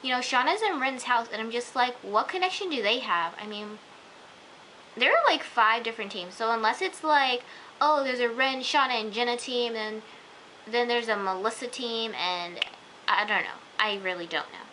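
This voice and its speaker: A woman's voice: a little high, expressive, normal speed, bright, forceful tone, rough recording. A young woman reviewing a TV episode in a casual, rambling chat full of fillers. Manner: chatty and rambling, many fillers. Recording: faint hiss.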